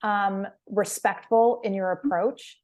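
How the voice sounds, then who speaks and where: A woman hosting an interview podcast, affirming her guest and asking quick follow-up questions. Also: medium pitch, fairly even intonation, a little mellow. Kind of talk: conversational interview.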